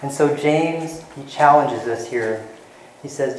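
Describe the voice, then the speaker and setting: A man's voice: medium pitch, takes it slowly, roomy sound, slight background noise, poor audio. A man preaching a sermon in an earnest teaching manner, walking listeners through scripture. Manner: earnest, retells scenes with lively voices.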